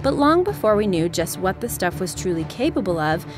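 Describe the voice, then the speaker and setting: A woman reading scripted science-video narration in a brisk, wry explainer manner, played from a video. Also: medium pitch, sing-song, over music.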